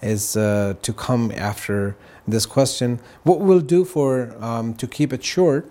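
A man's voice: medium pitch, measured pace, warm tone. A man speaking as a guest on a religious talk show, explaining earnestly and often checking in with "right?" and "you know".

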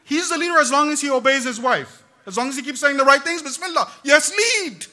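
Woman preaching to a crowd, super animated, bright forceful voice, keeps throwing in asides. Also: sits high, a little fast. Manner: animated, talks straight to the audience with frequent asides. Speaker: religious lecturer. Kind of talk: lively religious talk to a gathering.

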